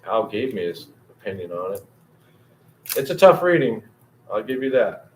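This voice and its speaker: A man's voice: lowish voice, very animated, moderate pace, a little mellow, slight background noise, rough recording. A man hosting a casual livestream, rambling, swearing and talking to his viewers by name. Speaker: livestream host.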